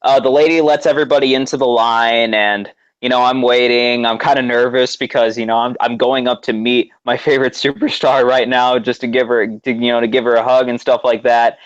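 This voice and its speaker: Excitable man telling a story. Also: medium pitch, a little fast, smooth, lo-fi sound. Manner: excited storytelling, many fillers and restarts. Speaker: guest co-host. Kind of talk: casual chat.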